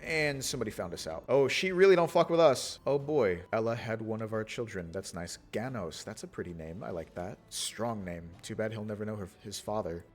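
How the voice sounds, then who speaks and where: A man giving gameplay commentary who laughs often, yells at the screen and slows down to read out game text. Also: fairly low pitch, faint music behind. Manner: slows right down when typing console commands. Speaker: gaming YouTuber.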